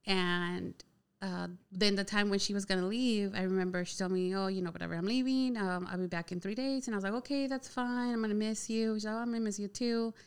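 A young woman casually telling a personal story, chatty and animated, with a lot of "like" filler. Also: medium pitch, brisk, clean tone. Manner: chatty, heavy use of "like" filler, animated retelling.

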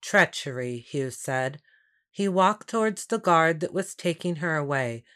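A woman narrating a historical tale as scripted storybook narration, measured and even. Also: low voice, clean tone.

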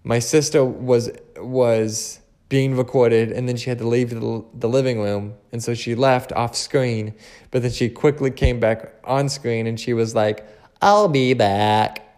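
Young male podcast host, slight lisp, rambling casual delivery, mid-pitched. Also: steady tone, unhurried, darkish tone. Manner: rambling, restarts often, casual swearing. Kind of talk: casual solo chat.

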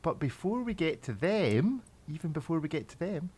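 A man's voice: fairly high pitch, big pitch swings, moderate pace, a little mellow, husky. A man hosting a casual watch podcast, making wry, joking asides. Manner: wry, jokey. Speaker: podcast host.

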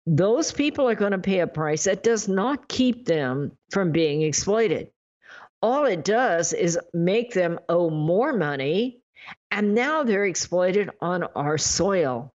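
A woman's voice: fairly low pitch, animated, takes it slowly, darkish tone, dull audio. A woman hosting a talk show, speaking earnestly in a folksy, pleading way as she wraps up. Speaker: show host. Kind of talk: talk radio closing remarks.

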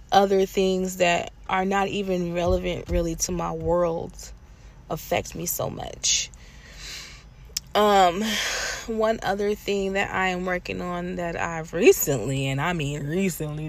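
A woman's voice: medium pitch, creaky. A woman in her thirties talking candidly and emotionally on her own podcast, recorded on her lunch break near an airport. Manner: candid and emotional, with frequent fillers and laughs. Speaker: podcast host. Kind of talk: casual personal podcast monologue.

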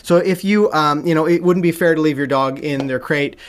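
A man's voice: on the high side, a little fast. A man hosting a live podcast in a loose, enthusiastic way with many fillers. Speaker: podcast host and dog trainer.

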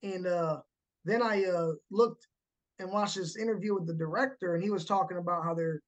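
High-voiced man hosting a podcast. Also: moderate pace, muffled recording. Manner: animated, acts out movie moments with laughs. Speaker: podcast host. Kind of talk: casual podcast chat.

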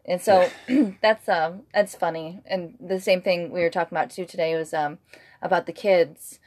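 An American woman chatting casually, telling stories with lively acted-out quotes and frequent laughter. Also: fairly low pitch, normal speed. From United States. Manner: animated storytelling, acts out quotes, laughs often. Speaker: podcast co-host, wife. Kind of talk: casual chat.

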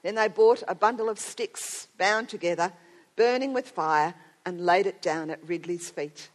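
A middle-aged woman preaches a sermon at a women's gathering, telling a story earnestly and building toward strong emphasis. Her voice is fairly low and unhurried.

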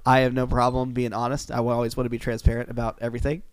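A young man co-hosting a podcast, speaking in an earnest, open and slightly halting way. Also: mid-range voice, completely flat delivery, smooth, no room sound. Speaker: podcast co-host. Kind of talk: casual chat.

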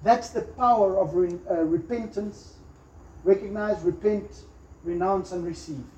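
A man's voice: high-pitched, measured pace, a little mellow. A man preaching a sermon emphatically, acting out little quotes and prayers. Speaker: pastor. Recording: echoey room, slightly dull sound.

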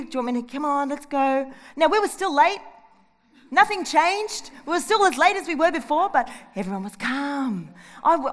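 A middle-aged woman preaching a sermon in a lively, conversational way, full of personal stories and asides to her listeners. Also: high voice.

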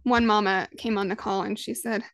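A woman in her thirties, a parenting coach, talking through her ideas on her own podcast in a lively, conversational way. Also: medium pitch, brisk, gravelly, dry recording. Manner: conversational, lively, acts out quoted voices. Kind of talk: solo podcast monologue.

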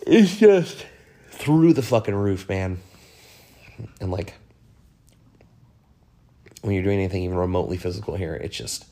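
Low-voiced man ranting casually. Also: darkish tone. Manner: profane, frank, rambling with many fillers. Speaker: podcast host. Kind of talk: casual solo monologue.

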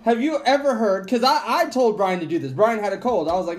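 Brief: man, podcast host, loud crude joker, rowdy banter, light background noise. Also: high voice, animated, a little fast. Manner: loud, laughing, crude joking.

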